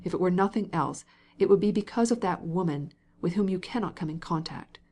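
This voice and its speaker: A woman's voice: fairly low pitch, fairly quick, darkish tone, breathy edge. A woman reading an audiobook, voicing a stern, grieving young husband who speaks reproachfully.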